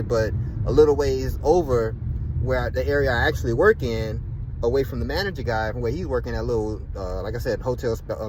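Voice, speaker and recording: A man's voice: mid-range voice, noisy background. A man in pain, ranting indignantly to camera in a vlog, swearing often and restarting his sentences. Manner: profane, indignant, repeats and restarts himself. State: in pain from a fall. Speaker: vlogger. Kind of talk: angry personal rant to camera.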